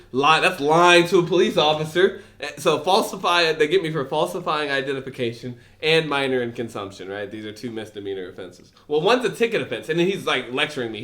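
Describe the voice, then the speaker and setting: A man co-hosting a podcast, telling a story casually, animated and laughing as he acts out voices. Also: medium pitch. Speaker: podcast co-host.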